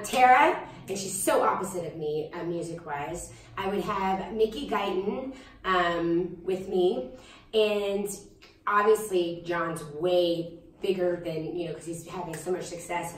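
Chatty young woman, distant roomy mic. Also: lowish voice. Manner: chatty, animated, frequent fillers. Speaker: singer-songwriter guest. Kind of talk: casual interview chat.

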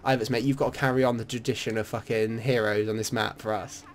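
A young gamer talks fast in a medium-pitched voice while playing an online shooter, with slight background noise behind him. His unscripted commentary is excitable and full of swearing, swinging between frustration and laughing banter with his teammate.

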